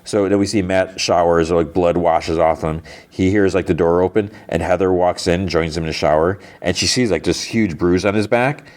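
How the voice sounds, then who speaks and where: A man's voice: low voice, steady tone, moderate pace, few pauses, darkish tone. A man hosting a podcast, casually recapping a TV episode and often restarting his sentences. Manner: rambling, often says "like" and restarts. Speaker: podcast host.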